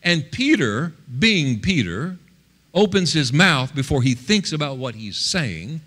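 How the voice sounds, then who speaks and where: Guy pastor preaching, very animated, goes loud then quiet. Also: fairly high pitch, unhurried. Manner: lively, swings from loud to hushed. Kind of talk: sermon.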